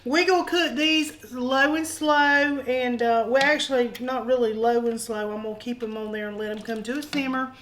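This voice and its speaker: A woman chats through a recipe in her home kitchen, folksy and teasing as she goes. Her voice sits a little higher than most, and a faint sizzle of the pan runs underneath. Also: fairly even intonation, moderate pace, few pauses, slight background noise, rough recording. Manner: folksy and joking, calls viewers honey and y'all. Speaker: cooking show host. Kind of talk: casual cooking demonstration.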